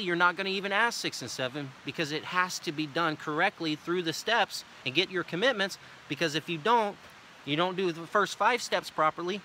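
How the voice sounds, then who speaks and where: A middle-aged man leads a sales training session, repeating key phrases and acting out what to say to customers. His voice is bright and forceful and sits slightly high for a man. A faint background noise sits under the recording. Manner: emphatic, repetitive coaching delivery. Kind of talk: sales training talk with role-played pitch lines.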